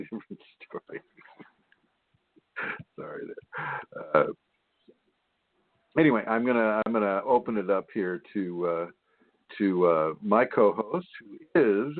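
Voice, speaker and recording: A man's voice: fairly low pitch, moderate pace, pauses often, no echo. A man hosting a spiritual radio show, talking in a rambling, repetitive, preachy way with many fillers. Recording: tinny phone line, dry.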